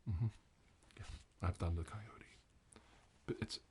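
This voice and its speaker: A man doing a whispered role-play as a comic ASMR host, teasing and mock-soothing, with soft talk and whispers. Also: sits low, steady tone, slow pace, long pauses, background noise.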